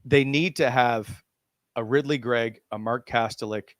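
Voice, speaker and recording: A man's voice: medium pitch, unhurried, no echo. Man hosting a hockey talk show, dry sound. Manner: leads the discussion, puts questions to the panel. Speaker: sports talk show host.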